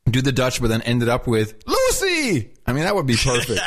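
A man's voice: mid-range voice, fast. A middle-aged man co-hosting a podcast, bantering and teasing. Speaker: podcast co-host. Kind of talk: casual banter.

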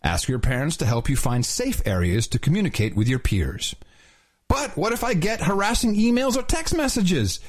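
A husky man with a fairly high voice reads aloud in a casual talk show. He swings his pitch widely, which makes the reading sound mock-solemn. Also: big pitch swings, moderate pace. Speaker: podcast host. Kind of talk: casual chat, reading aloud from a children's book.

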